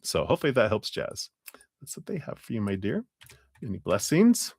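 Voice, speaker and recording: A man's voice: mid-range voice, huge pitch swings, moderate pace, creaky, long pauses, a little mellow, breathy edge, no room sound. A man giving a live tarot reading, talking in a reflective, coaching way with fillers and restarts. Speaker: tarot reader.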